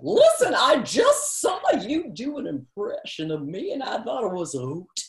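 Woman doing an impression, cheery comedienne, high sing-song voice, drawn-out, echoey room. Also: wildly swooping pitch. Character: cheery comedienne addressing a studio audience, impression.

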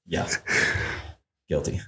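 A man, a hunting guide, telling a story casually and acting out the lines he and others said. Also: high voice. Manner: animated, acts out his own quoted lines. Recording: roomy echo.

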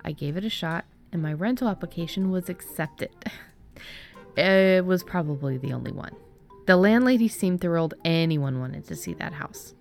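A woman reading a first-person short story aloud, soft and dipping into whispers. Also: fairly low pitch. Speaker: narrator. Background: faint background music.

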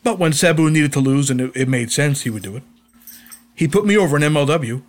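A man's voice: fairly high pitch, lively intonation, quick pace. A man co-hosting a podcast, telling old wrestling stories in casual chat and laughing along. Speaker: podcast co-host, former wrestler.

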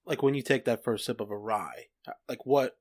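Man guest, husky voice, quiet and tentative. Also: medium pitch, lively intonation, a little fast. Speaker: guest asking questions.

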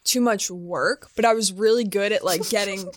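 A woman's voice: medium pitch, normal speed, no room sound, studio quality. A young woman in casual chat, teasing and rambling.

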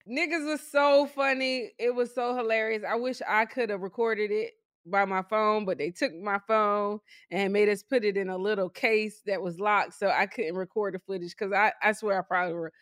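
A woman's voice: mid-range voice, fairly even intonation, normal speed, a bit bright, no echo, studio quality. Teasing, chatty woman podcast host. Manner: teasing, laughing, chatty storyteller. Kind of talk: casual chat.

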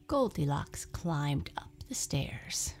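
A woman reads a children's storybook aloud at an unhurried pace, her lowish voice swinging widely in pitch. A gravelly fry runs under her words, and her asides fall to a soft breath. Faint music plays behind her. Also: in a whisper. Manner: slow, expressive, drops to soft breathy asides. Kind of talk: storybook reading.

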